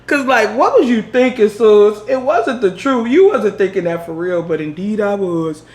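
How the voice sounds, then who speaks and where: A woman vlogger telling a story in while doing her makeup, laughing and acting out the quotes in high voices. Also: very animated, a little slow. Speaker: beauty vlogger.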